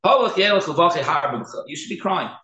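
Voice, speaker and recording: A man's voice: fairly high pitch, expressive, extremely slow, sharp tone, reverberant, highs cut off. A man teaching a Torah class to a group, earnest, often repeating and restarting his words as he stresses how to pronounce them.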